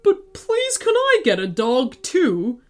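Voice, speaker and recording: A woman's voice: high voice, huge pitch swings, slow pace, exaggerated voice. A woman voicing a stern male red panda palace guard for a storybook reading. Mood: timid.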